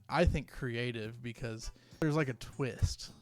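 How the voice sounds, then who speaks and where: A man's voice: mid-range voice, normal speed, soft background music. A young man giving comedic commentary as a YouTuber, rambling and stumbling over his words as he reads posts aloud.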